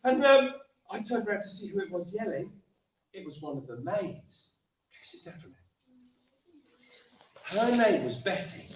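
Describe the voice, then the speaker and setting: A man's voice: high voice, normal speed, pauses often. A man leading an interactive storytelling workshop for children, acting out the story and calling for responses. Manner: animated, leads actions and call-and-response. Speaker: theatre workshop leader. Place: school hall. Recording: echoey hall, distant mic, faint noise.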